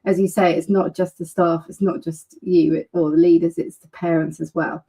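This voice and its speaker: A woman's voice: lowish voice, flat delivery, normal speed, gravelly, mellow, breathy edge, low-quality recording. A woman hosting a webinar over a video call, gushing and enthusiastic. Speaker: webinar host.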